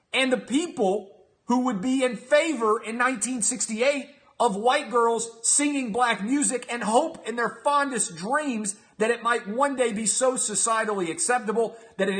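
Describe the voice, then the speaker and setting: A man hosting a sports talk show, giving emphatic, sarcastic solo commentary that swings between loud and quiet. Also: extremely high pitch.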